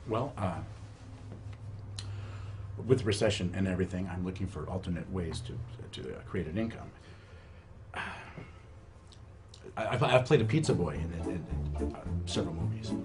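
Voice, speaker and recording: A man's voice: low voice, a little slow, pauses often, over music. An actor playing a washed-up film star turned pizza delivery man, hesitant and stammering, then ranting. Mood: nervous. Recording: echoey room with noise.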